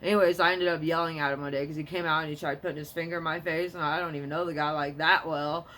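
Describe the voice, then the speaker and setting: A woman's voice: low voice, fairly even intonation, fairly bright tone. Rambling, fired-up woman vlogger. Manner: rambling, tangential, quick to get heated. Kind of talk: rambling casual monologue to camera.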